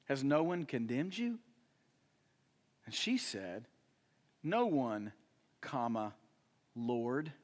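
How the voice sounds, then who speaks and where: Preaching with a medium-pitched voice, this young man, a pastor, alternates between loud emphatic climbs and soft, hushed lulls in his sermon.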